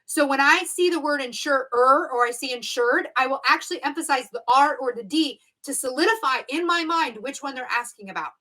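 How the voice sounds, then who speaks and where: A woman's voice: high voice, a little fast, hardly any pauses, bright, forceful tone, poor audio. A woman exam prep instructor teaching a live-streamed review lesson, stressing key words and repeating them to drill the point. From United States.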